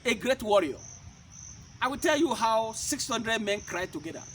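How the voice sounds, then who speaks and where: A man's voice: high voice, animated, moderate pace, a bit bright, a little hiss or hum. A man preaching a sermon-style teaching. He fires rhetorical questions at his listeners and hammers his points by repeating them. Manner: emphatic, repeats key points.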